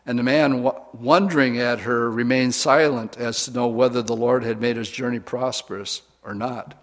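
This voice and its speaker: A man preaching a sermon, retelling a scripture story in casual, folksy words to a women's audience. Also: mid-range voice.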